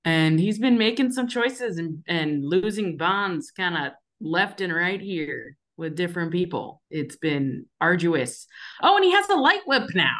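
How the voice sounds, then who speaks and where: A woman playing in a tabletop game, introducing her character in a relaxed, meandering way. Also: fairly low pitch, a little slow. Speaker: player.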